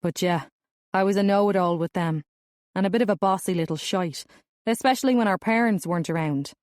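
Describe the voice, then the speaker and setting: A woman narrating an audiobook, voicing a relaxed, teasing young Irish man in his twenties with an Irish accent. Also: mid-range voice, fairly quick, no room sound, clean studio sound, natural voice. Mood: amused. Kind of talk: audiobook character voice.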